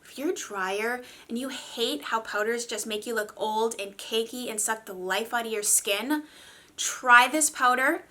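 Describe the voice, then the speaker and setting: Young woman beauty vlogger, bright tone, a bit high, gushy and chatty. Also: measured pace. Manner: gushing, chatty, full of fillers. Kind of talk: casual product review.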